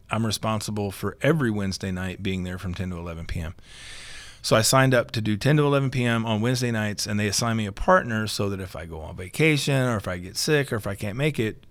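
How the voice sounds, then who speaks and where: Young guy with a lowish voice telling a story on a podcast, animated, acts out the other people, dry sound. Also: no room sound. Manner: animated, acts out dialogue with laughter. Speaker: seminarian guest. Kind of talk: casual storytelling.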